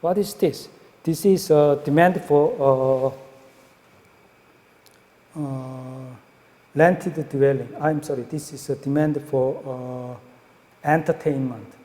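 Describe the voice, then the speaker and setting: A male economics lecturer giving a classroom lecture in halting English, full of fillers and frequent checks for understanding. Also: medium pitch, warm tone. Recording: echoey lecture hall.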